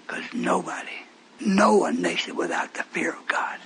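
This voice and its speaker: A man preaching a sermon with passion, swinging from shouts down to whispers and rhetorical questions. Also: high voice, wildly swooping pitch, normal speed, creaky, slight background noise, rough recording.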